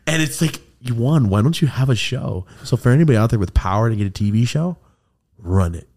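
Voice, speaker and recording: A man hosting a podcast, telling a story in casual chat, animated and swearing a lot. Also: mid-range voice, brisk. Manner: animated, swearing, quoting friends in put-on voices. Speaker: podcast host.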